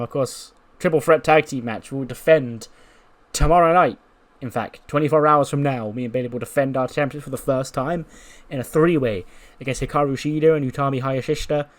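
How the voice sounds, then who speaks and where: A man voicing an excitable young woman wrestling champion who gushes and pushes her partner to celebrate. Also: medium pitch, natural voice. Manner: gushing and pushy, repeats pleas.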